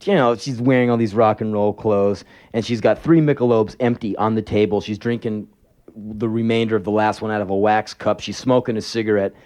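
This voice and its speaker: A man's voice: on the low side, steady tone, fairly quick, darkish tone. A man telling sarcastic, profane anecdotes in a live spoken word performance.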